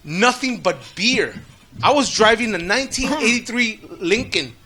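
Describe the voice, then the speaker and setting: A man's voice: high-pitched, animated, normal speed, pushed and bright, slight background noise. A man co-hosting a podcast, telling profane, laugh-filled stories in casual chat and acting out other people's lines. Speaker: podcast co-host.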